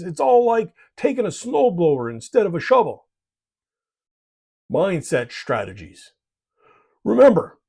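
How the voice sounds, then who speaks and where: Husky man, lively jokey delivery. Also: high voice. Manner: jokey and folksy, tags lines with "eh". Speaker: miniature painting channel host. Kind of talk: scripted hobby advice talk.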